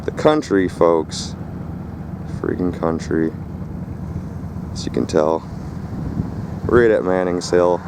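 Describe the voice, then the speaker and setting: A man from Michigan filming his own scrap-hauling vlog outdoors in the country, talking in a rough, casual way and swearing easily. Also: low voice, slow pace, pauses often, background noise. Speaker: vlogger scrapping metal.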